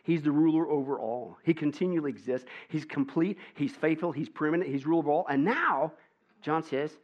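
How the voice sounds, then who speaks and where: A male pastor preaching a lively, conversational sermon and tossing questions to his listeners, on a dull lo-fi recording. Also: on the high side, a little fast. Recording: dull lo-fi sound.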